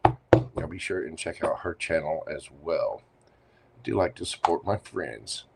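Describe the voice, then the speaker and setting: A man's voice: very deep voice, animated, a little slow, vocal fry, a little hiss or hum. Chatty playful man reading tarot. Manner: chatty, playful, teasing asides. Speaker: tarot reader. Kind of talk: live tarot reading stream.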